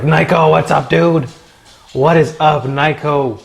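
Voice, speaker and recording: A man's voice: on the high side, sing-song, normal speed, vocal fry, a little hiss or hum. A man hosting a casual cooking livestream in his home kitchen, chatting goofily with viewers and his pets as he cooks. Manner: goofy, talks to chat and his pets while cooking. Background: food sizzling in a pan.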